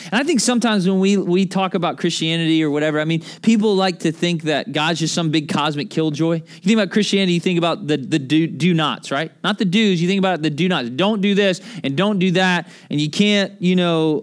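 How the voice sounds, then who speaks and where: A man in his thirties preaching a sermon as pastor, conversational and animated, telling stories between scripture. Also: sits high, a little fast, few pauses.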